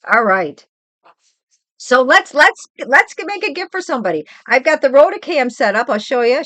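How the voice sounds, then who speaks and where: An older woman and grandmother hosting a casual livestream chat, rambling and animated as she tells stories from home. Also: a little high, dry recording. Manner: chatty, rambling, animated storytelling. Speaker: livestream host.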